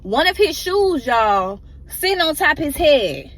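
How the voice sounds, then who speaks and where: A woman's voice: sits high, very animated, unhurried, fairly bright tone. A woman emotionally telling a personal story in a casual, rambling way and often addressing her listeners directly.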